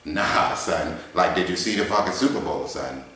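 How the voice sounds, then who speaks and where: A man's voice: sits low, moderate pace, pushed and bright. A man voicing a swaggering, profane male debater who talks in heavy street slang, recorded in a garage. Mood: brash, cocky. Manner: heavy street slang, constant swearing, cocky. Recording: echoey garage.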